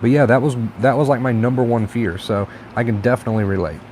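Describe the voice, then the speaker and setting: A man hosting a casual live stream, chatting in a relaxed, encouraging way and reading viewer comments aloud. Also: mid-range voice, fast, slight background noise. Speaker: livestream host.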